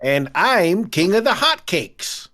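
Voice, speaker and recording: Slow, easygoing game player. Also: male voice, sits high, sing-song, pushed and bright. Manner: good-natured, easygoing banter.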